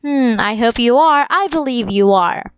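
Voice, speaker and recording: A woman teaching an English lesson to young children, reading examples slowly in an exaggerated sing-song way. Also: a little high, expressive, clean tone, no echo.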